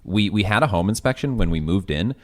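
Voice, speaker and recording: A man's voice: deep voice, lively intonation, a little fast. A young man from the Chicago area, co-hosting a casual chat show and ranting with restarts. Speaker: podcast co-host.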